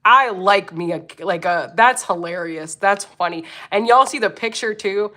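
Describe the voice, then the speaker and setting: A woman's voice: medium pitch, normal speed, pushed and bright. A woman in her forties from Philadelphia with a Philly accent, hosting a casual livestream, reading comments, laughing often and swearing freely. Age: 40s. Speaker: livestream host.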